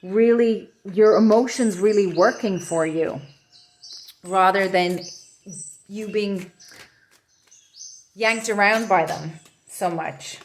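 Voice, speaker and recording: A woman giving an intuitive tarot reading to camera from her home office, talking in a soft, meandering, reflective way. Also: medium pitch, slow, long pauses, slight background noise. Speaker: tarot reader.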